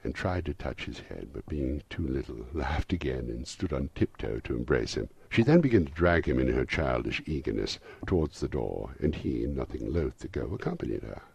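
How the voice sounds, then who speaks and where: A man narrating a classic novel as an audiobook, reading in a lively, expressive way. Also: extremely low pitch, normal speed, gravelly, hardly any pauses, slightly rough, no echo.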